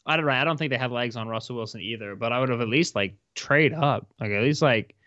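A man's voice: medium pitch, fast talker, fairly bright tone, no room sound, dull audio. A man co-hosting a casual sports podcast, hedging his points with lots of filler words. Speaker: podcast co-host.

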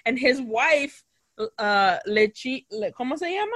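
A woman co-hosts a casual podcast, walking through a film scene by scene. Her voice sits a little high, and she tells the story with animation, slipping into the characters' lines and swearing freely. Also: animated, a little slow, fairly bright tone. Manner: swears casually, laughs often. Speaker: podcast co-host. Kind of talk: casual movie recap chat.

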